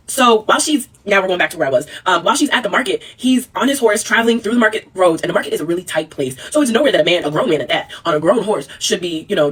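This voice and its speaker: Fast-talking, animated young woman vlogger. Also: on the low side, breathy edge. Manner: animated, chatty, slangy storytelling. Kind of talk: casual drama recap. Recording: voice a bit far from mic.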